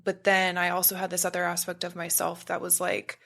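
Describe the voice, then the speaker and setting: Woman on a podcast, bit low pitched, wanders around her thoughts, goes zzz to make a point. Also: monotone, brisk, vocal fry, a bit bright. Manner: meandering and searching, makes buzzing sounds to illustrate. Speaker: podcast guest, spiritual practitioner. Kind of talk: casual conversation.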